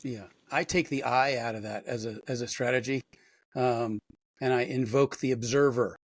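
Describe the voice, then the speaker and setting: Calm male podcast host, dry close sound. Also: mid-range voice, normal speed, dry recording. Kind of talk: casual interview chat.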